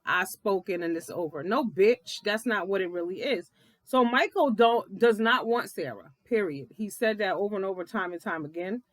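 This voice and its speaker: A woman of middle pitch talks straight into a dry, close mic with no room sound. She recaps a TV episode in a blunt, profane, animated way and laughs often. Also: normal speed, dry recording. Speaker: reality TV recap vlogger. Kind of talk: casual episode recap commentary.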